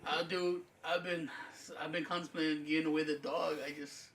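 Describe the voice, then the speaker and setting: A man's voice: fairly high pitch, little pitch movement, normal speed, roomy sound, distant mic, crowd noise. A young man co-hosting a podcast, telling stories in a laid-back way and swearing freely. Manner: laid-back storytelling with profanity and quoted voices. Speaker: podcast co-host. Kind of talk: casual chat.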